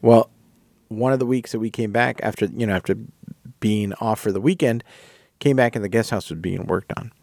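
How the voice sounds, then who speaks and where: A man's voice: fairly low pitch, normal speed, dry recording, clean studio sound. A man hosting a podcast, telling a story in a casual, rambling way and correcting himself as he goes. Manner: rambling, self-correcting, animated retelling. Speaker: podcast host.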